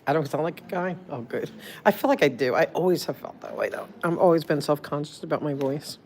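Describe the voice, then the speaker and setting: Woman, Jersey accent, low-pitched, rambling livestream chatter on a phone. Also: a little fast, darkish tone. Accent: New Jersey. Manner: rambling and chatty, full of "like" and restarts. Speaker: streamer. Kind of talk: casual livestream chat.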